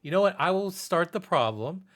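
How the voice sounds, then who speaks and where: Game master, man, animated pitch, playful narrator. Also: moderate pace.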